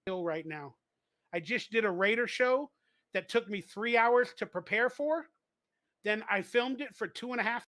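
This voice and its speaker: A man's voice: high-pitched, moderate pace, bright, forceful tone. A man livestreaming to his viewers, talking earnestly with a slight lisp.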